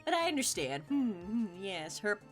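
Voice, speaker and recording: Woman doing a smug creepy hospital director guy, slow drawl, lots of hmm yes, faint music behind. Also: mid-range voice, very animated, lightly acted. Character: shady male hospital director, smug, leering.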